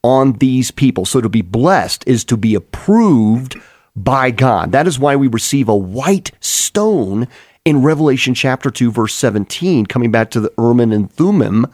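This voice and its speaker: A man's voice: medium pitch, expressive, unhurried, a little mellow, no room sound. Earnest male preacher, dry close sound. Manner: earnest, explanatory, with frequent restarts. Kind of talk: sermon Bible teaching.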